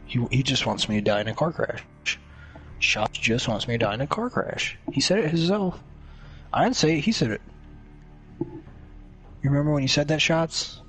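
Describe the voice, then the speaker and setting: A young man streaming games and chatting casually, excitable and joking, swinging between whiny pleading and low muttering. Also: moderate pace, long pauses, breathy edge, soft background music. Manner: excitable, joking, lots of laughter. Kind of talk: casual gaming stream chat.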